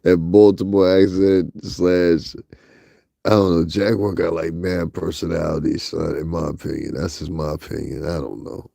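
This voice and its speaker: Host: young man with a Northeastern US accent, mellow and dry-sounding, crude, laughing gossip talker. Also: sits low, little pitch movement, moderate pace, creaky, no room sound. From US tri-state area. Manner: laughs often, crude and joking. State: sleepy, up early. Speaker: commentary channel host. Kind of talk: casual gossip commentary.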